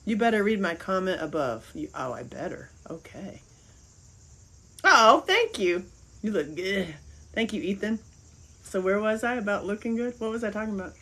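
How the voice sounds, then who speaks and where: A woman's voice: medium pitch, animated, moderate pace, fairly bright tone, rough recording. A middle-aged woman chats loosely to her livestream viewers. She rambles from one thought to the next and breaks into giggles often. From American South. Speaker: livestream host. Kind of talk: casual livestream chat reading comments.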